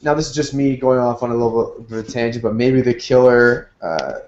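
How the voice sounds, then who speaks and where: A man's voice: mid-range voice, a little fast, a little mellow, a little hiss or hum. A man co-hosting a podcast, chatting casually and speculating with a joking tone. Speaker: podcast co-host. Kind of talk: casual recap chat. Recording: dull lo-fi sound.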